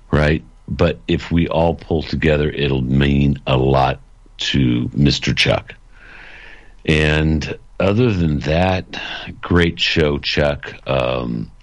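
A man, a regular on a call-in podcast, giving rambling upbeat closing thoughts over a dull lo-fi line. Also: very deep voice. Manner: rambling, upbeat sign-off, plugs memberships. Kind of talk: casual call-in podcast chat.

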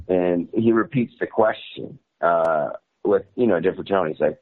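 A man's voice: deep voice, normal speed. A man telling a story as a journalist guest, rambling with fillers and laughs. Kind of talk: casual storytelling on a call-in show. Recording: tinny phone line.

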